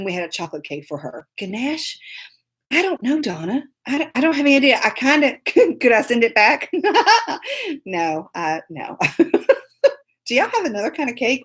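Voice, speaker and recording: A woman's voice: on the high side, fairly bright tone, slightly rough. Woman rambling on her live stream, laughing a lot, saying hi to viewers mid story, phone on a tripod. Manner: rambling and chatty, breaks off to greet viewers by name; laughs often while telling stories. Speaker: host of a live online show.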